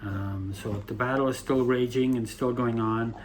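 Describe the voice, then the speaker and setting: A man vlogging casually from a campground, rambling with lots of pauses and restarts. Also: mid-range voice, steady tone, a little hiss or hum. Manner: rambling, frequent uhs and restarts. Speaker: camping vlogger. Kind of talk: casual vlog talk. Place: campground, outdoors.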